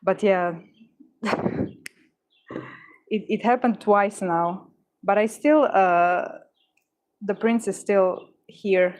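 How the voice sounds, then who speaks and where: A woman hosting a livestream chats casually with viewers, answering them in a mid-range, darkish voice. She talks very slowly, pauses often, and stutters, with frequent restarts and fillers.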